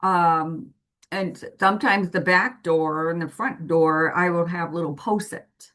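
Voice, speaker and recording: Slow, patient woman explaining to parents. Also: lowish voice, steady tone, fairly bright tone. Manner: patient, gives everyday examples. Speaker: parent guide presenting to families.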